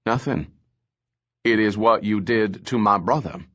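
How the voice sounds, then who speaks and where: A smug, languid villain, as an audiobook narrator plays him, low and unhurried, every word drawn out with cool menace. The recording sounds dull and lo-fi. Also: male voice, fairly bright tone. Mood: menacing. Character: cold, languid male villain, pleased with himself.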